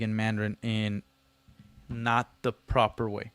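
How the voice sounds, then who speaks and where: A man's voice: lowish voice, little pitch movement, a little slow, a bit bright, clear, resonant tone, no room sound. A man hosting a casual livestream, reading chat messages aloud and answering them with slangy jokes and teasing. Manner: slangy, loose delivery with many fillers. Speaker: livestream host.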